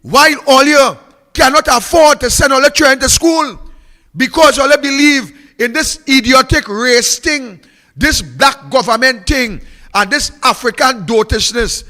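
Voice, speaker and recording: A man's voice: very high-pitched, measured pace, bright, forceful tone, in a large hall. A Trinidadian man giving a fiery, mocking political speech, repeating phrases for emphasis.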